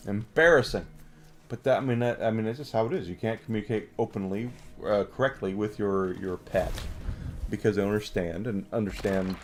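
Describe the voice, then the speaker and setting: A man's voice: lowish voice, fairly quick. A man chatting casually while playing a video game, rambling with lots of fillers. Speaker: gamer. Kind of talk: casual gameplay commentary.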